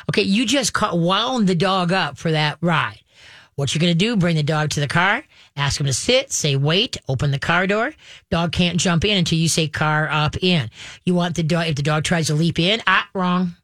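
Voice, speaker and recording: A woman veterinarian hosting a radio advice show, chatting loosely with plenty of "you know" and "okay". She jumps into quick little voices to act out excited owners. The sound is dry and close, with no room around it. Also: on the low side, dry recording. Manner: animated, acts out dog owners in quick voices. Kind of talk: casual advice talk.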